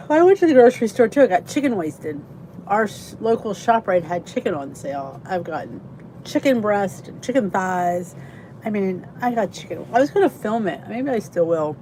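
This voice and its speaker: A woman with a slightly high, warm voice streams casually from her basement near a heater. Worn out and yawning, she still chats freely, greets viewers by name, and laughs often, with light background noise behind her.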